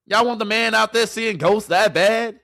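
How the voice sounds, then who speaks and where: A man's voice: high voice, normal speed, gravelly, bright, forceful tone, no room sound, studio quality. A man ranting to his live chat as a sports commentator, repeating rhetorical questions in exasperation.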